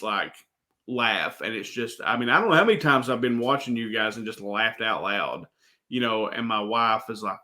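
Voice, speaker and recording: A male interview host with a mid-pitched, everyday voice talks eagerly, circling his points with many fillers. He sounds like a fan chatting with his guest. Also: pushed and bright. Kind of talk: casual interview chat.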